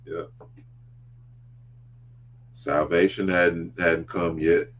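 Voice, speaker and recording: A man hosting a casual talk show about faith, speaking earnestly and deliberately. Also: low voice, little pitch movement, slight background noise. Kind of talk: casual religious discussion.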